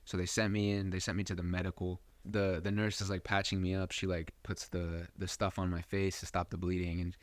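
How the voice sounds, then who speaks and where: A young man with a low voice tells a rambling personal story as a podcast host. He swears a lot and drops fillers everywhere. The sound is close and dry. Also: flat delivery, a little fast, hardly any pauses, no echo. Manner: profane, rambling, full of fillers. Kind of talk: casual storytelling.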